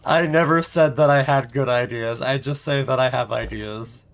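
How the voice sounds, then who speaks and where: A man's voice: mid-range voice, steady tone, moderate pace, vocal fry. A man streaming a game live, chatting casually in a rambling, self-mocking way and laughing often.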